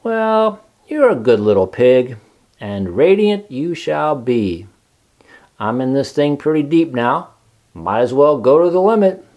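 A man voicing a kind, wise female barn spider who talks gently but firmly, coaxing the others along. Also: mid-range voice, big pitch swings, a little slow.

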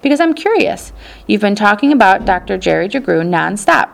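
A woman's voice: mid-range voice, big pitch swings, a little fast, vocal fry. A woman reading the part of a friendly, curious young schoolboy who speaks in a casual, easygoing way.

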